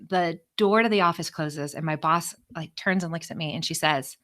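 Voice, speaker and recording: Low-voiced expressive woman speaker. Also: moderate pace, long pauses. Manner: expressive, animated storyteller. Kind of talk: storytelling talk to a live group.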